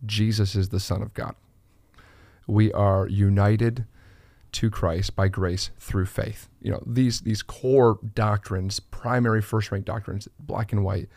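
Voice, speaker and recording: A man's voice: lowish voice, fairly even intonation, slow, creaky, a little mellow, no room sound. A man co-hosting a church podcast, talking earnestly with many fillers and restarts. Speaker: pastor, podcast co-host. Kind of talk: conversational church podcast discussion.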